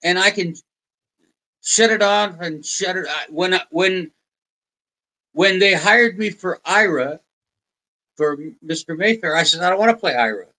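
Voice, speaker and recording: A man's voice: sits high, slow pace, pauses often, pushed and bright, low-quality recording. An older American man, a podcast guest, telling rambling stories with many restarts and quoted voices. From United States. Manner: rambling anecdotes with restarts, quoting others in put-on voices. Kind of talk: casual interview storytelling.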